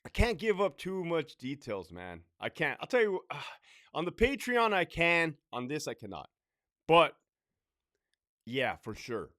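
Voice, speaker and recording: A man's voice: on the high side, huge pitch swings, a little slow, sharp tone, no echo, clean studio sound. A man and former prison officer who hosts his own channel, talking casually and bluntly, swearing often and tagging his points with "right?". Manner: blunt, profane, conversational, with frequent "right?" asides. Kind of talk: casual talk to camera.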